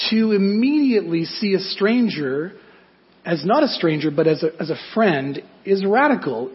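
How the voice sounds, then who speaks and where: A pastor delivers a sermon with a slightly raised pitch for a man. He preaches in a conversational way and keeps turning to his listeners with rhetorical questions. The recording sounds dull and muffled.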